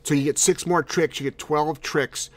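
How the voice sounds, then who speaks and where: A man's voice: on the high side, steady tone, normal speed, no room sound. A man hosting a casual live dog-training Q&A, talking bluntly and emphatically and repeating words for stress. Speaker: dog trainer and show host.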